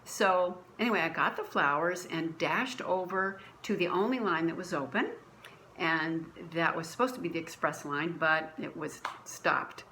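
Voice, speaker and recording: Woman, low voice, church testimony recorded at home, earnest, restarts often, faint hiss. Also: normal speed, sharp tone, rough recording. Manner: earnest storytelling with many restarts. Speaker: church member sharing a testimony. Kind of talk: personal faith story, conversational. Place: at home, dining room.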